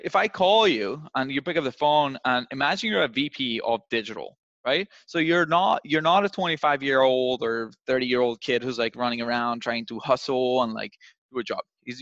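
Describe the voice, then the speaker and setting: Young male sales trainer, lively coaching delivery that slips into acted calls, dry and slightly dull recording. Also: mid-range voice, no echo. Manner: animated, acts out phone calls in different voices. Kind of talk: coaching session on cold calling.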